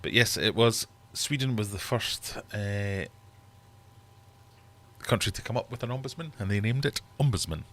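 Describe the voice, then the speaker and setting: A man's voice: fairly low pitch, lively intonation, normal speed, fairly bright tone, slight background noise. A man hosting a live-stream quiz from his fish room, chatty and teasing his viewers. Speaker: livestream host running a quiz. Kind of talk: casual live-stream chat.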